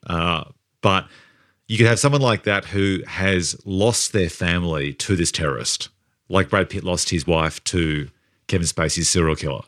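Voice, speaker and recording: Deep-voiced man musing about films. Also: a bit bright, dry recording, studio quality. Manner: thoughtful, builds long hypotheticals. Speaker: film podcast co-host. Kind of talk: casual film discussion.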